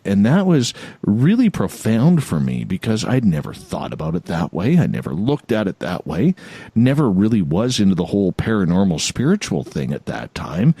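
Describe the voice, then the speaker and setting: Low-voiced, animated male radio host. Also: moderate pace, husky, no echo. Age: 40s. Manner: animated storyteller, repeats phrases. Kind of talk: casual storytelling chat.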